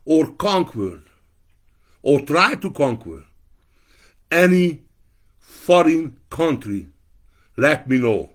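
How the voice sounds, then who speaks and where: A man giving an angry, profane political rant to camera, breaking into shouted outbursts. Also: fairly high pitch.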